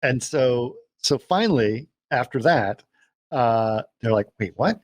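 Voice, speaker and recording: A man's voice: medium pitch, lively intonation, takes it slowly, no echo. A man co-hosting a podcast, retelling a film plot in a rambling way with many restarts. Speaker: podcast co-host. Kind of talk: casual chat.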